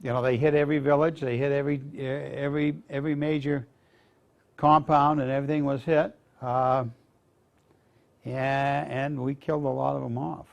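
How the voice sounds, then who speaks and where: A man's voice: mid-range voice, level tone, normal speed, gravelly, muffled recording. An older man from Maine, a veteran speaking to students, telling folksy stories in a rambling, casual way. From Maine, USA. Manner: rambling, folksy anecdotes with restarts.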